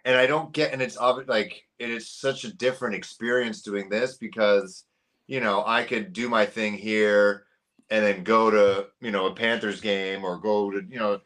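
A man from Canada in his thirties, a guest on a podcast, telling stories in a lively, animated way and acting out the people he quotes. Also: on the low side, normal speed. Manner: animated storyteller, acts out quoted voices. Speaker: podcast guest, sports YouTuber. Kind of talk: casual chat.

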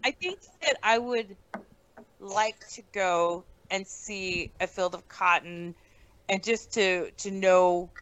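A woman comedian telling a story on a casual podcast. She is animated and profane, and she acts out the quotes in her story. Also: mid-range voice, slow, highs cut off, slight background noise. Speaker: comedian guest.

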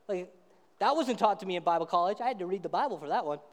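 A man pastor preaching a sermon, casual and animated as he retells a story. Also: high voice, fast talker. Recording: echoey hall reverb.

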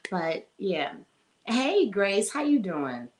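A woman's voice: mid-range voice, very animated, takes it slowly. A woman in her forties hosting a casual live-streamed podcast, chatting freely, greeting viewers by name and laughing often. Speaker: podcast host.

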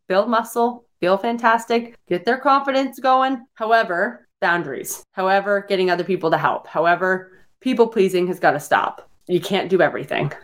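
Blunt, energetic woman fitness coach. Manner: blunt, energetic, swears freely, many fillers; voices the listener's complaints in a higher pitch. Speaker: fitness coach and podcast host. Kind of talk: casual motivational talk on a live-streamed podcast.

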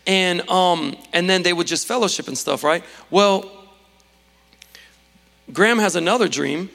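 A man's voice: high-pitched, unhurried, creaky, bright, forceful tone. A man preaching an earnest sermon in a church hall, often restarting and repeating his words.

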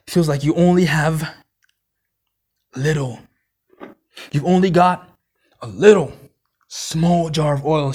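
A male pastor preaching a conversational sermon at a church conference, repeating phrases and checking in with the congregation. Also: fairly high pitch.

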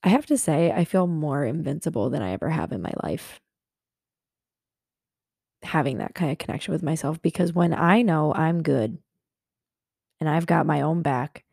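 Young woman podcast host, gravelly low voice, earnest self-help chat with lots of fillers, dry close sound. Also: expressive, moderate pace, long pauses, a little mellow, no room sound. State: a little hungover. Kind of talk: casual self-help talk. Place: in her bed at home.

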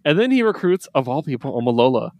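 A co-host of a casual comic review podcast chats in a mid-range voice at a quick pace. He's animated, laughs often and acts out lines from the books. The recording is dry.

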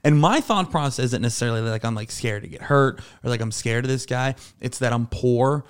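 A man telling a casual, animated story with plenty of swearing and "like" fillers. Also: mid-range voice, fairly quick, smooth. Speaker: comedy podcast guest.

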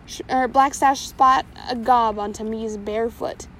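A woman's voice: on the high side, steady tone, a little slow, a bit bright, a little hiss or hum, low-quality recording. A woman reading a pirate storybook aloud, now and then stumbling and correcting herself. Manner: reads with small slips and self-corrections.

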